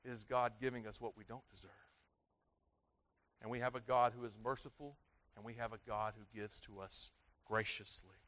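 A man's voice: medium pitch, fairly even intonation, normal speed, fairly bright tone. A man in his thirties, a pastor preaching a sermon with earnest, repetitive emphasis that swells and falls. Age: 30s.

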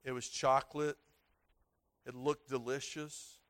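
A man's voice: mid-range voice, little pitch movement, a little slow, a bit bright. Earnest man in his thirties preaching. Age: 30s. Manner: earnest, repetitive preaching with swells of emphasis. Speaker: pastor. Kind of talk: sermon.

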